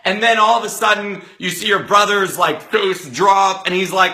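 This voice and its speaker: A man giving an energetic motivational talk, acting out the people in his story with sudden loud outbursts. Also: sits high, normal speed, few pauses. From Los Angeles area resident. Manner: animated, acts out quotes with loud outbursts. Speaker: motivational speaker.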